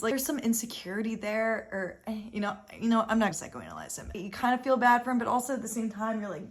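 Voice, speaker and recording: A young woman hosting a casual reality-show recap, animated and exasperated, full of "like" and swearing freely. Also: a little high, fast talker, few pauses. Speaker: recap host.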